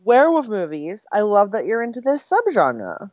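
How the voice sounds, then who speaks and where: Woman, podcast co-host, casual chat, animated pitch, chatty, slightly dull dry recording. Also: moderate pace, no room sound. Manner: chatty, a bit scattered, reads listener mail aloud.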